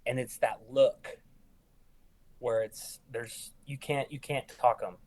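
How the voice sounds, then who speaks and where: A young man, an ER nurse guest, telling work stories in casual conversation and acting out quoted lines with jumps in pitch. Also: takes it slowly. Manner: animated, acts out quoted lines with rising pitch. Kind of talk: casual storytelling.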